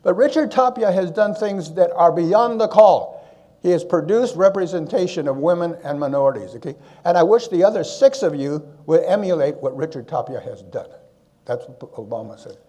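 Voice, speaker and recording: Animated older man giving a keynote. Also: a little high, normal speed. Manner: animated, tag question "okay?" after points. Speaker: conference speaker. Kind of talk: storytelling keynote talk.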